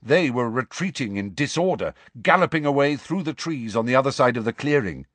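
A man narrating an audiobook in a measured, dramatic storytelling manner. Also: medium pitch, lively intonation, a bit bright, no room sound. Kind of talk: scripted narration.

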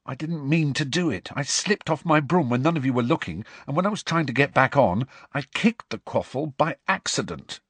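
A miserable teenage boy croaks out his doubts in a raised, strained voice, as a man puts him on. His tone is whispery and despairing. The storybook reading is husky and dry. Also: very high voice, wildly swooping pitch, slow pace, a bit bright, no room sound, pitched above the performer's own voice, full character voice.

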